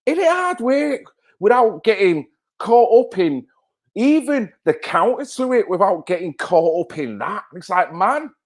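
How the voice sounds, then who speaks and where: Slow-talking Mancunian man on a live stream. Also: high-pitched, sing-song. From North Manchester, England. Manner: banter, swearing, reacting to viewers by name. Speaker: livestream host. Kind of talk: live-stream chat reading.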